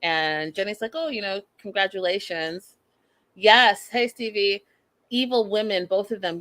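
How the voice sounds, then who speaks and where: A woman's voice: medium pitch, unhurried, fairly bright tone, no room sound. A woman hosting a casual live recap show, chatting and reading viewer comments with exasperation. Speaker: podcast host recapping a reality show.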